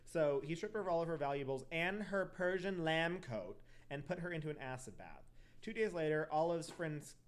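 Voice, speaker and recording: A man's voice: a little high, lively intonation. Rambling young man telling crime stories. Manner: rambling, profane, quick asides and self-corrections. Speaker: podcast host. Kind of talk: casual true crime storytelling.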